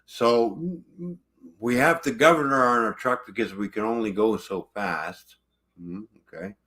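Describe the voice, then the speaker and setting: A man's voice: lowish voice, unhurried, pushed and bright. A truck driver ranting angrily about his truck, swearing constantly in casual livestream talk.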